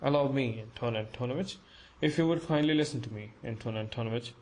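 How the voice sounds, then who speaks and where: A man's voice: mid-range voice, fast talker, a little mellow, natural voice, rough recording. A man voicing a timid, anxious middle-aged clerk who pleads in a flustered way. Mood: timid pleading.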